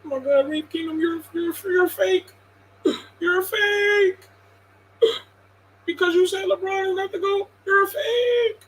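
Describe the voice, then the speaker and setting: A man voicing a whiny fan who sobs over his favorite player, in a high, wailing, tearful voice with mocking, exaggerated crying. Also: a little slow, pauses often, fairly bright tone, a little hiss or hum, rough recording.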